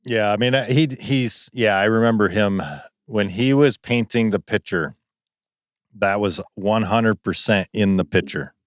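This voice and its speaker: Low-voiced man trading quick jokes. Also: no room sound, clean studio sound. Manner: quick, joking interjections, laughs often. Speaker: podcast co-host. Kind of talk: casual chat.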